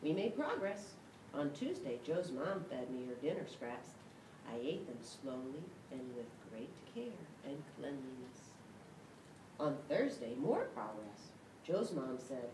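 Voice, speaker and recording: Expressive woman reading a storybook aloud. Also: measured pace. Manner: expressive, shouts and yelps in the dog's voice. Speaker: storybook reader. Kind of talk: reading a picture book aloud. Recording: echoey room from a distance, rumbling noise.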